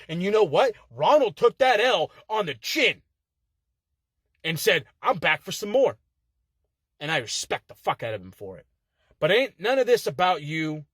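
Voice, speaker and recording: A man cuts a swaggering wrestling promo from inside a car, his voice sitting high for a man. He trash-talks with heated, profane bluster. The sound is dry and close, with no room echo. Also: a bit bright. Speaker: contestant in an online promo-cutting contest.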